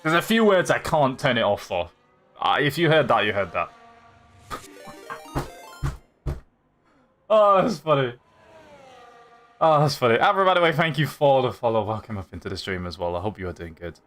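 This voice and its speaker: On his live stream, this young man from Yorkshire, England, speaks in a mid-range, sing-song voice at normal speed, leaving long pauses. His tone is a bit bright, and faint music plays behind him as he chats casually, reads out the chat, and rambles with frequent laughter in a light Yorkshire accent.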